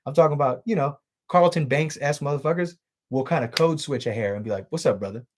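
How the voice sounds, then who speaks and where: A man's voice: fairly high pitch, fast, a little mellow, a little hiss or hum. A man hosting a casual livestream, chatting loosely with viewers and a friend in a profane, offhand way from a home streaming setup. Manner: loose and profane, reads out chat comments. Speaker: livestream host.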